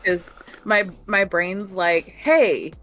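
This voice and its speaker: A woman's voice: lowish voice, expressive, normal speed, a bit bright, faint music behind, rough recording. A woman in her morning voice, chatting casually as a guest on a stream, rambling with lots of fillers. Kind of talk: casual chat.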